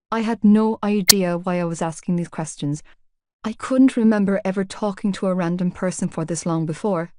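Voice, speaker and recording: A woman narrating a first-person novel in a steady, even storytelling manner on a close mic. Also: on the low side, normal speed, dry recording. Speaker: audiobook narrator.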